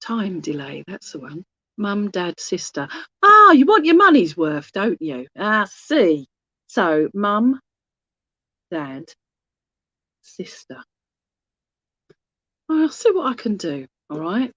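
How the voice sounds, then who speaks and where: A woman's voice: on the low side, big pitch swings, slow pace, pauses often, no room sound, lo-fi sound. A woman working as a medium in an online service, chatty and rambling, often losing her thread and restarting, with affectionate asides to her listeners. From England. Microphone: phone held in hand.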